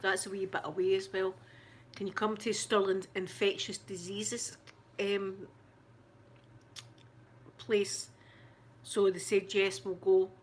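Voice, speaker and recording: A woman's voice: medium pitch, flat delivery, slight background noise. A Scottish woman hosting her channel, chatting casually to viewers, shaken and close to tears, stumbling and restarting as she talks. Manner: halting, shaken, many restarts and fillers. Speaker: ASMR channel host. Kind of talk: casual live chat.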